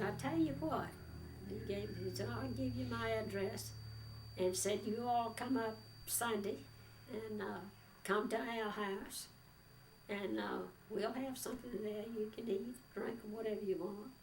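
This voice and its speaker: Older woman reminiscing, heard from afar. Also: mid-range voice. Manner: rambling, folksy, frequent "uh" and "you know". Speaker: oral history interviewee. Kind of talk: storytelling reminiscence. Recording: distant mic with faint background noise.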